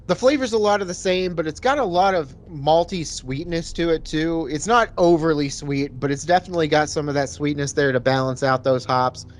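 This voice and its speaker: A man's voice: a little high, a little fast, hardly any pauses, a little hiss or hum. A man co-hosting a podcast, describing a beer in a laid-back, rambling way. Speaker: podcast co-host reviewing beer. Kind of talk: casual chat.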